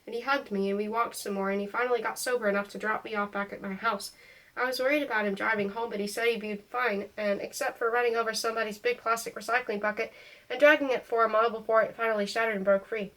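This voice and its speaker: A woman reading a first-person novel aloud in an expressive, emotional way. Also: a little high, quick pace, poor audio. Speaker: audiobook reader.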